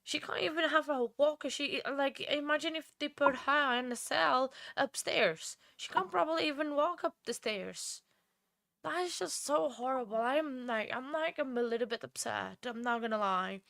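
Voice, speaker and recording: A woman's voice: sits high, gravelly, a bit bright, no room sound, clean studio sound. A woman hosting a casual true crime livestream, tired and emotional, rambling with many restarts and answering viewers by name. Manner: emotional and heartfelt. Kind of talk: casual live stream chat.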